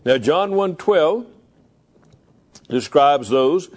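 A middle-aged man preaching as a pastor, emphatic and slowing down to repeat key phrases. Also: a little high, lively intonation. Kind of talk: sermon.

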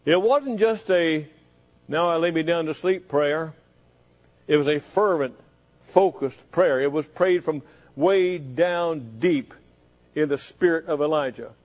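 A man's voice: on the high side, sing-song, takes it slowly, a little mellow, low-quality recording. A man preaching a fervent sermon, pressing the listeners with repeated rhetorical questions.

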